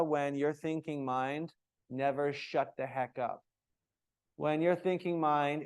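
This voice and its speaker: A man teaching a yoga teacher training, lecturing with lively, varied delivery and cueing poses in a sing-song way. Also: on the high side, moderate pace, clear, resonant tone. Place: yoga studio.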